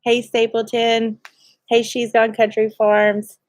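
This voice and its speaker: A woman's voice: on the high side, monotone, slow, no echo, studio quality. A woman, co-hosting a homestead livestream and cheerfully greeting viewers by name with frequent laughs. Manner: cheerful, laughs often, reads viewer names.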